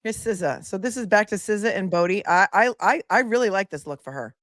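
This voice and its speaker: A woman's voice: medium pitch, brisk, a bit bright, no room sound, studio quality. A woman attorney hosting a live commentary stream, chatty and sassy, laughing often as she talks to viewers.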